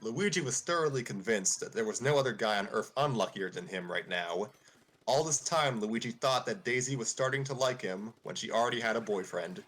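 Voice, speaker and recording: Lively man narrating a stream story. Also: on the low side, a little fast.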